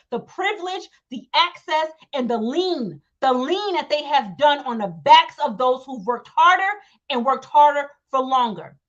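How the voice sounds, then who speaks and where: A young woman with a high, bright pitch delivers a heated commentary rant, leaning hard on repeated words for emphasis. Her voice comes through a dull, lo-fi home recording. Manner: emphatic, repetitive, acts out quotes. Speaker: commentary channel host.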